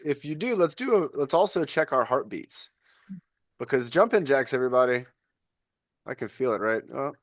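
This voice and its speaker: A man's voice: mid-range voice, fairly bright tone, dry recording, clean studio sound. A man coaching a live online fitness class over a video call, chatty and encouraging.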